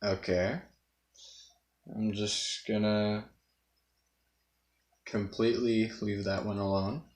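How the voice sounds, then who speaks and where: Brief: easygoing man host, unhurried, chuckling, echoey room. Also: on the low side, flat delivery. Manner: laughing, self-amused. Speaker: host, voice impressionist. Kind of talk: casual chat. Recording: roomy echo.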